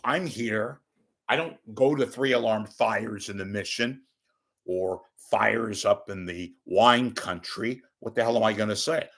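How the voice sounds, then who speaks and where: Profane wisecracking older man, lowish voice. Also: unhurried, vocal fry. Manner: profane, wisecracking, rambling with loud bursts and muttered asides. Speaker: media commentator. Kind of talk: off-the-cuff monologue. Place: at home.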